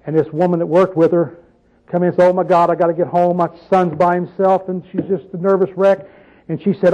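Fast and steady in tone, this high-pitched man's voice has a dark quality, and the sound is lo-fi. He's preaching an informal Bible teaching, chatting with the audience, posing questions and offering folksy asides and stories.

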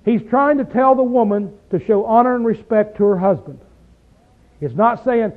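A man's voice: very high-pitched, moderate pace. A man preaching a conversational Bible teaching, explaining scripture verse by verse. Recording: tinny phone-like recording.

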